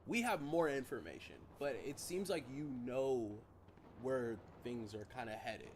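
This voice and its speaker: Guy confronting a scam victim, blunt but gentle, noisy background hiss. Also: medium pitch, animated, measured pace. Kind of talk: documentary interview.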